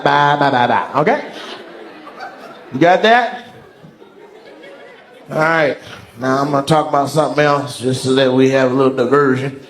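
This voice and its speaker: A male stand-up comedian doing crowd work on stage, brash, profane and teasing. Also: medium pitch. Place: large comedy venue on stage.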